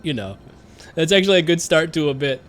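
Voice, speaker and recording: A man's voice: fairly high pitch, lively intonation, a little fast, a bit bright. Giggly, rambling young streamer man. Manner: rambling, stammering repeats, giggly. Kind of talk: casual live-stream chat while gaming.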